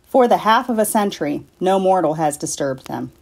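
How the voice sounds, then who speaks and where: A woman from a library reading a classic story aloud in a measured, deliberate way. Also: fairly low pitch, animated, gravelly, a little mellow. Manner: measured, deliberate, slowing for effect. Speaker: library staff reader.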